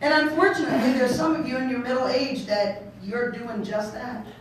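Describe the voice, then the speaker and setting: A woman pastor preaching a sermon in a lively, playful way, acting out voices and laughing along. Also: sits high, brisk, slight background noise. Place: church hall. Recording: echoey hall, mic far off.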